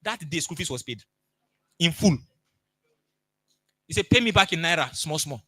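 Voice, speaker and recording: A man's voice: fairly high pitch, expressive, fast talker, pushed and bright, husky, no room sound. A middle-aged man with a Nigerian accent, giving a motivational coaching talk and acting out the people in his stories. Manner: storytelling, emphatic, acts out dialogue.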